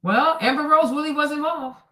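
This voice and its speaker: A woman's voice: high-pitched, a little fast, sharp tone. A woman hosting a livestream, giving blunt, exclamatory commentary as she reacts to clips. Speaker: host. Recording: roomy and distant from the mic.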